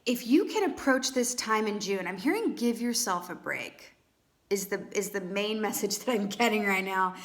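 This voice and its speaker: A woman's voice: mid-range voice, expressive, moderate pace. A woman giving a casual, playful tarot reading, chatty and full of "right?" asides. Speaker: tarot reader.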